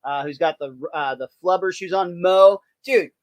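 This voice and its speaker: A podcast host recapping a cartoon episode in a relaxed, chatty way, laughing often. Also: medium pitch, normal speed, no room sound. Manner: relaxed, lots of uh fillers, laughs easily. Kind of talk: casual episode recap chat.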